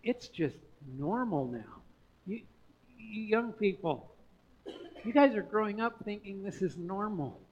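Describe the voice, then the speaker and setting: A man with a high-pitched voice preaches to his congregation, talking casually and then swelling with emphasis before sinking to a hush. The recording sounds slightly dull and lo-fi. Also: lively intonation, a little slow, a little hiss or hum. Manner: conversational preaching with emphatic swells and hushed drops. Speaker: pastor. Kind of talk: sermon.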